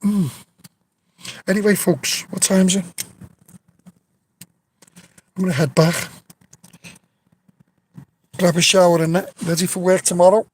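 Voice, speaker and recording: A man telling stories in a relaxed live stream, swearing freely and restarting his sentences, recorded on a phone outdoors. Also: sits high, poor audio. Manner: rambling storyteller, swears freely, many restarts. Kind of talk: casual live-stream chat. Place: outdoors near an old tree.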